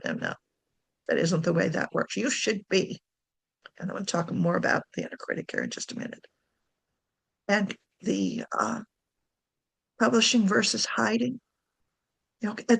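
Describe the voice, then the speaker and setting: A woman's voice: medium pitch, creaky, fairly bright tone, husky. A woman giving a casual talk on writing to camera, chatty, correcting herself and laughing often. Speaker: writing coach.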